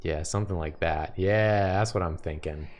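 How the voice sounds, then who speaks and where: A man's voice: sits low, normal speed. A man co-hosting a drawing lesson, brainstorming ideas and joking around in casual chat. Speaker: co-host.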